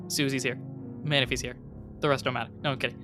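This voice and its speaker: A man narrating a tabletop role-playing game as game master, relaxed and chuckling. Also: medium pitch, fast talker, soft background music.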